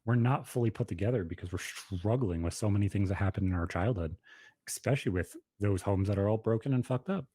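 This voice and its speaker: A man's voice: on the low side, quick pace, warm tone, husky. A man in his thirties telling a personal story on a podcast in a blunt, profane, emphatic way. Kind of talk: casual podcast conversation.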